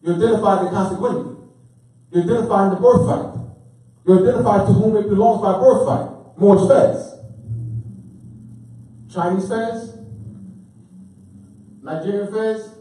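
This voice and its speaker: A man's voice: sits high, normal speed, pauses often, warm tone. A man lecturing to a live audience, quizzing them call-and-response style and repeating key words with emphasis. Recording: very echoey room, mic far off.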